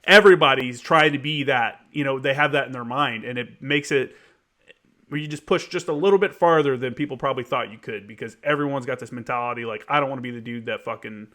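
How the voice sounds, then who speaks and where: A man's voice: medium pitch, fairly quick, bright, forceful tone. A man hosting a casual podcast chat, emphatic and swearing freely.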